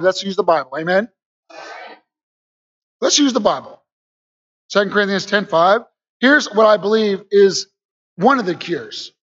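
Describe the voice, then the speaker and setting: High-voiced energetic male preacher. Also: highs cut off. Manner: energetic, call-and-response with congregation, rises to shouts. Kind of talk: lively sermon. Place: church.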